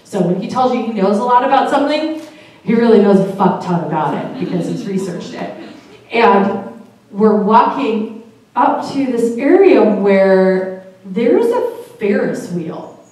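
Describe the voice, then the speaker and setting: A woman's voice: medium pitch, expressive, unhurried, darkish tone. Woman telling a story in an echoey room. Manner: casual, chatty, laughs often, swears. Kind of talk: live personal storytelling. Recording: very echoey room, voice far from mic.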